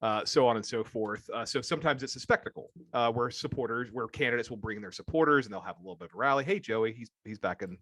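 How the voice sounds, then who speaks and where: A man's voice: medium pitch, fast, hardly any pauses, a bit bright, no echo. A man hosting a podcast, running through political news in a casual, hesitant way, with plenty of fillers and side remarks. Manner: hesitant, lots of fillers and asides. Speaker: podcast host.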